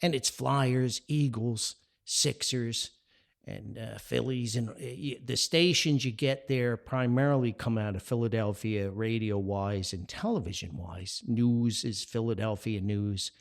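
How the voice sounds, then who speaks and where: A man's voice: mid-range voice, measured pace, creaky. An older man from New Jersey with a North Jersey accent, telling a casual story as a podcast host, chuckling as he goes. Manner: animated, chuckling, jumps up for quoted voices.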